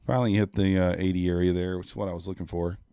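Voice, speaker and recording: A man in his thirties talks in a low, laid-back way on a live trading stream, greeting chat viewers between trades. His voice sits close and dry on a desk mic, with no room sound around it. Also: level tone, racing, dark tone, smooth, dry recording. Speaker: livestream day trader. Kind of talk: casual live-stream commentary.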